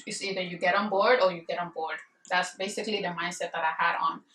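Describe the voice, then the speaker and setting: A woman's voice: fairly low pitch, fairly even intonation, fast, sharp tone, slight background noise. A young woman vlogger giving casual marriage advice, rambling with many fillers and speaking bluntly and emphatically. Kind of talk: casual advice chat to camera. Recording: echoey room, voice a bit far from the mic.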